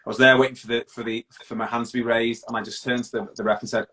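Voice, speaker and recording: A man's voice: medium pitch, flat delivery, pushed and bright, rough recording. A middle-aged man from Britain, a guest in an interview, telling his story openly and bluntly with many restarts. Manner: open, blunt, halting with restarts.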